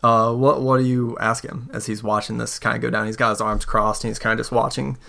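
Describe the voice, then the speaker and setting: A man narrating as game master of a tabletop role-playing game, in a relaxed, rambling way full of fillers. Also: mid-range voice, fairly quick, gravelly, slight background noise. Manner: relaxed, filler-heavy narration with quoted voices.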